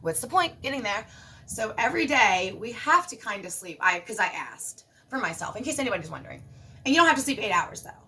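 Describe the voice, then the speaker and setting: A woman giving a casual spiritual monologue, animated and emphatic, swearing casually. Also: fairly high pitch, a little fast. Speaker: spiritual vlogger.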